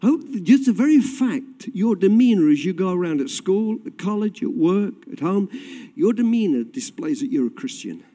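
A man preaching a sermon with passion, swinging from loud cries to quiet, low tones. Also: very animated, moderate pace. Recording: long hall reverb.

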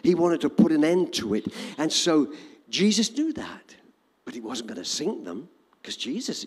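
A man preaching a sermon to a congregation, dramatic and animated. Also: fairly high pitch, normal speed, breathy edge, big-room sound. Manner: animated, dramatic, shouting quoted lines.

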